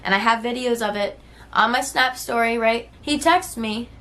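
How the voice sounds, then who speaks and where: A woman in her twenties tells a personal story straight to camera in a relaxed vlog style. She talks candidly and conversationally, leaning on "like" and "right?". She swears freely and slips into quoted voices when she retells old text messages. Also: on the high side, moderate pace.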